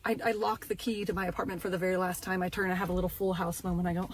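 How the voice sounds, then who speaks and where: A young woman tells a comedic story in a casual, animated way, with punchy dramatic asides. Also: lowish voice, fast talker, a little hiss or hum. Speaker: storyteller in a social media video.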